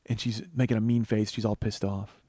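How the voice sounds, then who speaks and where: A man in his forties telling a profane, animated comic story on his podcast. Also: on the low side, no echo, studio quality. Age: 40s. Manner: profane, animated, quick asides. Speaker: comedian podcast host. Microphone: studio microphone he adjusts.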